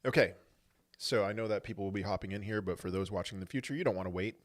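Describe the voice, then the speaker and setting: A man's voice: lowish voice, quick pace. A man hosting a casual livestream, rambling and correcting himself as he greets viewers in chat and gives his market views. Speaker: crypto livestream host.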